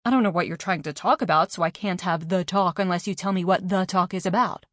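A woman reads a novel in the first person with a fairly low voice. She lifts her voice for the characters' lines, and the recording is dry and close. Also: steady tone, quick pace, a bit bright, no room sound. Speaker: audiobook narrator. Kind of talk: first-person scripted narration.

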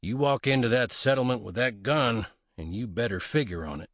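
A man's voice: mid-range voice, lively intonation, a little fast, fairly bright tone, dry recording. Man doing a drawling, sly gunman. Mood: blunt. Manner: drawling, dry, cocky. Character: laconic sly frontier gunman, male adult.

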